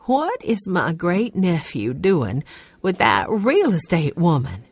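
A woman voicing a dignified elderly great-aunt who speaks in a slow, measured way in a storybook reading. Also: on the low side, huge pitch swings, slightly rough, no echo, exaggerated voice. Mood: indignant.

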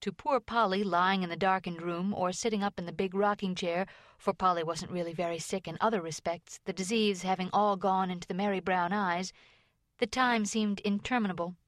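A woman's voice: mid-range voice, steady tone, normal speed, no room sound. Woman narrating a storybook, dry sound. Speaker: audiobook narrator. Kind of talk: scripted narration.

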